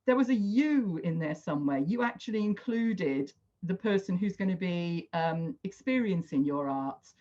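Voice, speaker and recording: A woman's voice: fairly low pitch, lively intonation, moderate pace, warm tone. A woman facilitating an online workshop on a video call, chatty and encouraging, with lots of "sort of" hedges. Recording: dull lo-fi video call audio.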